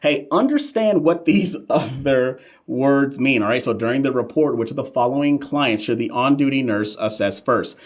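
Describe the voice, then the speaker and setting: A man's voice: medium pitch, expressive, normal speed, few pauses. A man tutoring nursing exam questions on a live stream, playful and sassy, talking back to viewers' comments with slang and repeated emphasis. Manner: slang-heavy, emphatic repetition.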